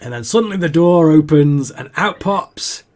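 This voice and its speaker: A man's voice: on the high side, expressive, moderate pace, a little mellow. A man co-hosting a podcast, recapping a TV episode in casual chat, laughing often and restarting sentences. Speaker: podcast co-host.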